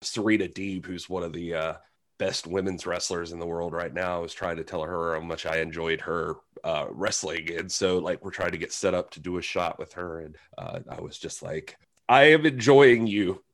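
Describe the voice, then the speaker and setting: A man's voice: sits low, flat delivery, moderate pace, a bit bright. A man as a podcast guest, telling rambling, self-deprecating stories in casual chat.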